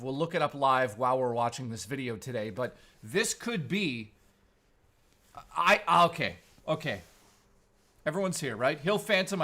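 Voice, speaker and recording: A man hosting a live stream, chatting casually with his viewers and trading crude, playful jokes with them. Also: medium pitch. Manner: crude, joking banter with chat; animated, playful. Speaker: livestream host.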